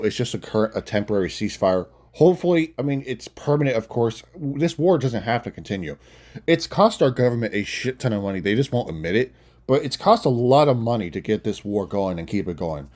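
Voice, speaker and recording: A man's voice: mid-range voice, darkish tone. A young man ranting casually and bluntly into his phone, swearing often and making mocking asides. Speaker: commentator. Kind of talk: casual political rant.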